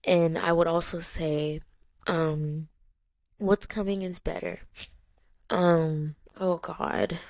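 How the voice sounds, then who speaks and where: A woman's voice: on the low side, fairly even intonation, takes it slowly, creaky, pauses often, darkish tone, dry recording. A woman in her early thirties hosting a reflective solo podcast, speaking emotionally and close to tears, often repeating her words. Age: 30s. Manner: emotional, tearful at moments, grateful, repeats phrases. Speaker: podcast host.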